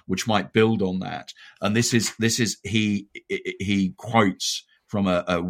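A man with an English RP accent talks in a relaxed discussion. His voice sits a little low. He is reflective and restarts sentences as he searches for the right words. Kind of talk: conversational discussion.

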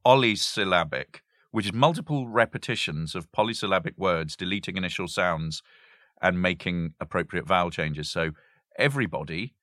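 Chatty low-voiced male historian. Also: normal speed, dry recording, studio quality. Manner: animated, giggly, hesitant restarts. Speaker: history professor, guest. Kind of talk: casual conversation.

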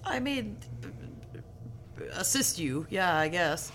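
Woman as an awkward stammering adventurer, bright tone. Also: lowish voice, expressive, slow, slight background noise. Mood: hesitant. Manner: hesitant, stammering.

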